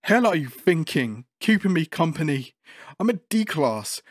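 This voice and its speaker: A man's voice: a little high, big pitch swings, moderate pace, no room sound, studio quality, voice pushed up. A man voicing a frightened, foul-mouthed male prisoner test subject who curses and pleads. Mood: angry.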